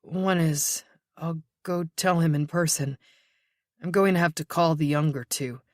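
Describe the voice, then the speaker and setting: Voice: mid-range voice, unhurried, no echo, clean studio sound, close to an everyday voice. Narrator voicing a grieving young man. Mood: strained. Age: 20s. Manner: quiet, shaky, tired replies.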